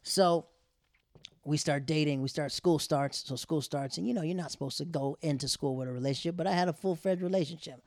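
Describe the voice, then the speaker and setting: A young man casually telling a personal story in an animated way, with laughs and slangy asides. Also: on the high side, fairly quick, no echo, clean studio sound.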